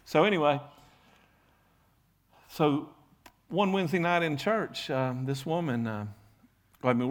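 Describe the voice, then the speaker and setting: A middle-aged male pastor telling a story in a sermon, casual and rambling, full of "you know" and restarts. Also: mid-range voice.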